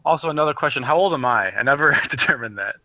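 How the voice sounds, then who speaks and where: Bright-voiced playful young man. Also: mid-range voice, expressive, fast talker. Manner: playful, giggly. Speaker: player. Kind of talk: casual tabletop role-play.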